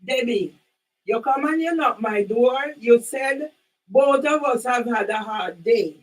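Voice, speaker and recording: A woman's voice: a little high, expressive, a little slow, far from the mic, low-quality recording. Questioning woman, heard from off the mic. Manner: questioning, repeats herself, asks for things to be repeated. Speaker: channel owner. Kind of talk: recorded doorstep argument.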